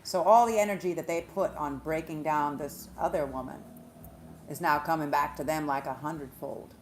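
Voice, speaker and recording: A woman, a spiritual reader, retelling a story in a profane, animated monologue. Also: low-pitched, moderate pace, a little hiss or hum. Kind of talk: casual monologue vlog.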